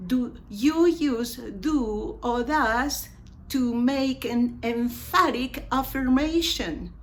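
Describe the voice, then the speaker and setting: A woman whose first language is Spanish, teaching an English grammar lesson and slowly repeating each example sentence, with asides in Spanish. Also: high-pitched, lively intonation, a little hiss or hum.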